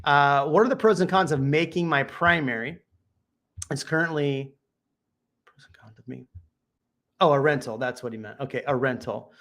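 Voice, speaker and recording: This is a male real estate host talking casually on a podcast, relaxed and prone to jokes. His voice sits a bit higher than most men's. He thinks out loud, breaking off and restarting his sentences as he weighs his advice. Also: moderate pace. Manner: laid-back, joking, thinks aloud with frequent restarts.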